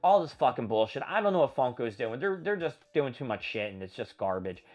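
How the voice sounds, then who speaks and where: A man's voice: medium pitch, very animated, a little fast, darkish tone, highs cut off. A man hosting a solo show, venting in a profane, exasperated rant. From Philadelphia area. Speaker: podcast host. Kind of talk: ranting solo monologue.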